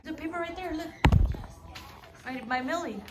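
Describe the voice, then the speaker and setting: A woman's voice: sits high, moderate pace, heavy background noise. A woman vlogging family life at home, often cooing in a sing-song voice at her baby and pets. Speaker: vlogger mother. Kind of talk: casual family vlog chat. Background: background music.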